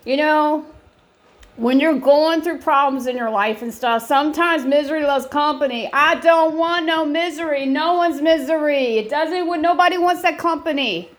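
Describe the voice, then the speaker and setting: A woman's voice: high-pitched, normal speed. A middle-aged woman with an American country accent, ranting to camera in an emphatic, repetitive, folksy way.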